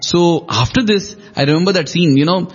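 Husky higher-voiced man, lo-fi. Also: brisk. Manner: reflective, explanatory storytelling. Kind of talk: spiritual discussion. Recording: dull lo-fi recording.

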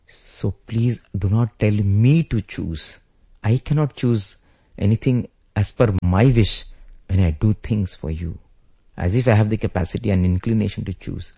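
A man voicing a devoted younger brother who pleads in a slow, earnest, emphatic way. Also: lowish voice, dark tone, husky, exaggerated voice.

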